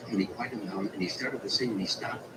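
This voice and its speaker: A man, an entertainer, telling a long anecdote about a night on tour in a slow, vivid way. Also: lowish voice, fairly even intonation, recorded from a distance, background noise. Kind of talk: storytelling anecdote.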